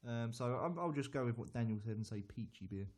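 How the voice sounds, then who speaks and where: A man's voice: mid-range voice, lively intonation, a little fast, darkish tone. A man reviewing a beer on a live stream, chatty and hesitant, often repeating words as he answers viewers.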